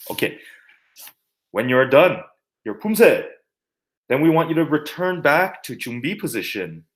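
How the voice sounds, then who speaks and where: Animated man teaching martial arts terms. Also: mid-range voice, moderate pace. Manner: animated, jokey, sings and mimics to teach words. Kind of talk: teaching terminology with playful mnemonics.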